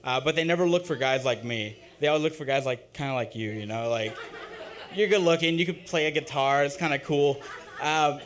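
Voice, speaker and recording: A young man performing a halting, self-deprecating open-mic stand-up set, full of ums and uhs. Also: on the high side, fairly bright tone. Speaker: stand-up comic. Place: open-mic comedy stage.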